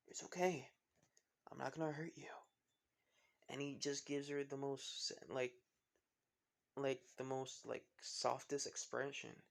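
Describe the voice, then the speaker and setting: A man's voice: medium pitch, vocal fry, a bit bright. A man casually telling a fan-fiction story, rambling with many fillers and restarts.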